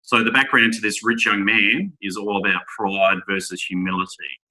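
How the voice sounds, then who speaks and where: A man giving a Bible talk to young men, reading scripture aloud and asking rhetorical tag questions in a measured way. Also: fairly low pitch, flat delivery, pushed and bright, poor audio. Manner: measured, with small restarts. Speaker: speaker at a Bible school.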